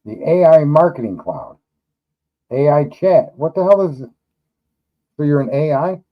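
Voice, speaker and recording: A man's voice: fairly high pitch, lively intonation, a little slow, highs cut off. Blunt, profane New man. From New York. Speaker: livestream host. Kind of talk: casual livestream chat.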